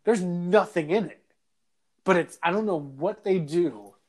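A man co-hosting a podcast and telling stories in casual chat. He is animated, crude and often laughs. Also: high voice, measured pace. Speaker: podcast co-host.

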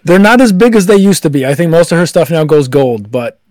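A man's voice: a little high, expressive, a little fast, darkish tone, no room sound. A man hosting a casual podcast chat, rambling with lots of fillers and frequent laughs. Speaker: podcast host.

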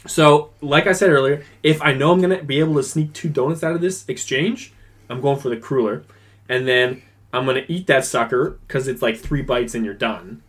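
A man's voice: medium pitch, normal speed, a bit bright. A man co-hosting a podcast in casual chat, rambling and poking fun at himself. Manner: rambling, self-mocking, chatty. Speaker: podcast co-host.

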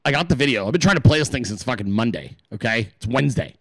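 A man hosting a podcast in a casual, profane rant, acting out quick voices in his stories. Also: mid-range voice, no echo. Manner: animated, swears a lot, acts out voices in his stories. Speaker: podcast host.

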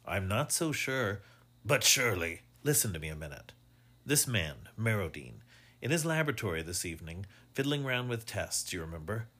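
A man's voice: on the low side, sing-song, moderate pace, pushed and bright, breathy edge, heavily acted. A man doing a dogged, sure old inspector. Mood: insistent. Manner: positive, precise, insistent. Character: retired male police inspector, older, dogged and sure of himself.

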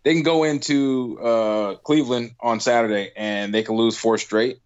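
A man co-hosting a casual sports chat, rambling through long animated analogies. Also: mid-range voice, moderate pace, clear, resonant tone. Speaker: podcast co-host. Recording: dull lo-fi sound.

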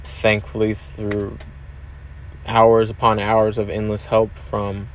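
A man's voice: on the low side, completely flat delivery, slow pace. A man hosting his own podcast, talking hesitantly and openly about his struggles, with many fillers. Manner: hesitant, many fillers and restarts, open and confessional. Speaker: podcast host. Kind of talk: candid solo podcast monologue.

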